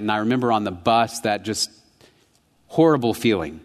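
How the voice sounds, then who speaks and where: A male pastor delivering a sermon in a church, his mid-pitched voice carried by a long hall reverb. He tells stories with energy, building quick and lively, then settles into quiet, slow emphasis. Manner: storytelling, rising to animated intensity then dropping soft. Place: church sanctuary.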